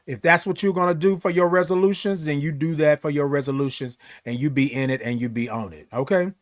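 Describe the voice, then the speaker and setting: A man with a voice on the high side hosts a casual morning live stream, greeting viewers by name with long, drawn-out, sing-song good mornings. He talks in a relaxed, encouraging way.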